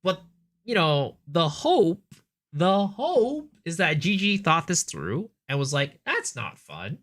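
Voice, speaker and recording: A man's voice: high voice, big pitch swings, slow pace, a bit bright. A man streaming live, chatting casually and thinking aloud as he answers viewer questions, with frequent restarts.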